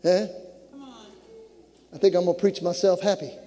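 A man preaching a sermon, driving to fervent shouts with joking asides to the congregation. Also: sits high, steady tone, moderate pace, in a large hall.

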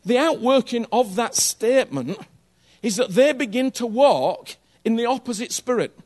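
A man's voice: extremely high pitch, animated, moderate pace, a little mellow. A man preaching a sermon in a conversational, earnest way, often checking in with his listeners and repeating phrases for emphasis.

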